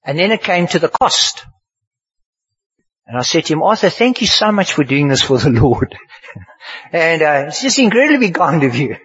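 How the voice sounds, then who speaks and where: An older man, preaching a sermon and telling a story, swinging from hushed to loud, with a husky voice. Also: fairly high pitch, sing-song, moderate pace, pauses often. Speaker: pastor. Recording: dull lo-fi sermon recording.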